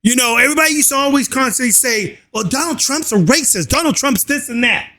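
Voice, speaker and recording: A man ranting loudly and crudely in fired-up political commentary. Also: very high-pitched, expressive, quick pace. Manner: loud, fired up, drawling and crude.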